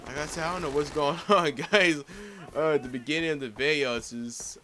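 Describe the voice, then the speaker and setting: A man giving live, excitable commentary over his own shooter gameplay, cursing and laughing as he plays. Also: on the high side, normal speed, a little hiss or hum. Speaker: gaming commentator. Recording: gunfire from the game behind his voice.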